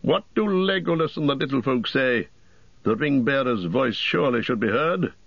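A man's voice: medium pitch, expressive, normal speed, creaky, fairly bright tone, husky, no room sound, lo-fi sound, pitched above the performer's own voice, heavily acted. A man reading the lines of a proud, stubborn warrior in an audiobook, firm and blunt.

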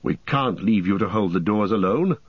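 A man's voice: on the low side, lively intonation, normal speed, husky, no room sound, dull audio. A man voicing an earnest, protesting ranger in an audiobook. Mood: alarmed.

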